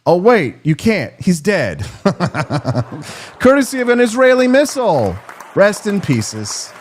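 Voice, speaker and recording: A man's voice: high voice, big pitch swings, slow, a faint crowd, slight background noise. A man in his forties giving a sarcastic, comedic political monologue as a commentator. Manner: sarcastic, mocking.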